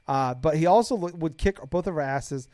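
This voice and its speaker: A young man hosting a casual podcast, rambling excitedly, swearing a lot and getting loud when hyped. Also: a little high, brisk. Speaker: podcast host.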